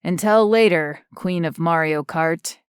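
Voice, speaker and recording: A wry man in his late twenties trading good-humored jabs, unhurried and dry, as a woman narrator plays him. The voice is smooth and close-miked in a dead room. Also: lowish voice, no room sound, natural voice.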